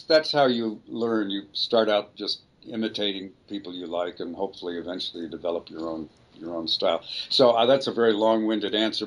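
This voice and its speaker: An older man, a voice actor, speaking as an interview guest and reflecting on his career in a rambling, self-deprecating way. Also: lowish voice. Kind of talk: casual interview storytelling.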